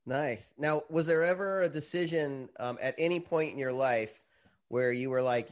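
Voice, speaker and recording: A man's voice: medium pitch, normal speed. A man hosting a podcast, talking in an easygoing, rambling, hesitant way. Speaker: podcast host. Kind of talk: casual podcast chat.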